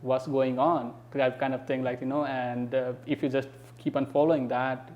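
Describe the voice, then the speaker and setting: A man from Nepal speaks with a Nepali accent at a mid pitch, as a guest in a casual podcast chat. He tells stories with energy and keeps filling his talk with "like". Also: normal speed, highs cut off. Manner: animated storyteller, fills with "like". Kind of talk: casual conversation.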